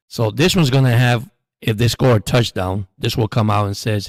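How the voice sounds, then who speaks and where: A man's voice: fairly low pitch, no echo, clean studio sound. A man hosting a live sports stream, chatting casually and calling the plays as he watches. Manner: chatty, rambling, quick to laugh.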